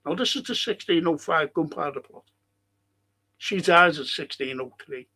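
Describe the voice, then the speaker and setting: A man hosting a talk show, giving an impassioned monologue and reciting verse with slow, emphatic delivery and dramatic pauses. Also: fairly high pitch, sharp tone, slightly rough. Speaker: radio show host.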